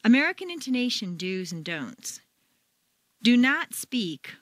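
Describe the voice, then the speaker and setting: Woman narrator for a pronunciation course, measured delivery, lively pitch, dry close sound. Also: no echo. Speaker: pronunciation teacher. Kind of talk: scripted instructional narration.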